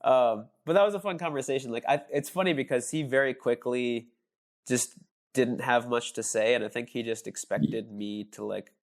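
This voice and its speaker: A man's voice: mid-range voice, normal speed. A young man with a mid-range voice talks as a podcast guest. He rambles through his stories with fillers and restarts and laughs easily. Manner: rambling storytelling, laughs often. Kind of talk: casual podcast chat.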